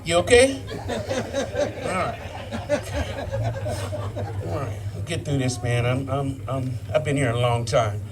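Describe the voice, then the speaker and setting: A man's voice: medium pitch, expressive, slow pace, long pauses. A man in his fifties doing a live stand-up set, telling profane stories and working the crowd. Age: 50s. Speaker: stand-up comedian. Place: live brew pub comedy show.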